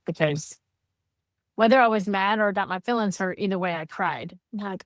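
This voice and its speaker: A woman co-hosting a podcast, talking candidly in casual heartfelt chat, animated when she quotes others. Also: medium pitch, moderate pace, dry recording, studio quality. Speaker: podcast co-host.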